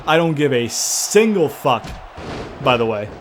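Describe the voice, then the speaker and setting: Swearing young gamer yelling at a wrestling game. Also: male voice, mid-range voice, big pitch swings, measured pace, background noise. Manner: profane, yelling in frustration at the game. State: sweating from yelling. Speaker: gaming YouTuber. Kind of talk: let's-play commentary.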